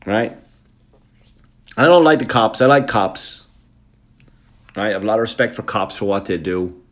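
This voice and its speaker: A male comedian telling a story for laughs, swearing freely and often checking in with a quick question to the listener. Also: lowish voice. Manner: profane, animated, keeps checking in with the listener.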